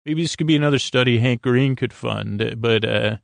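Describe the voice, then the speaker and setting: A man's voice: medium pitch, moderate pace, gravelly, no room sound. A man hosting a sleep podcast, rambling through a goofy bedtime monologue that meanders and keeps restarting.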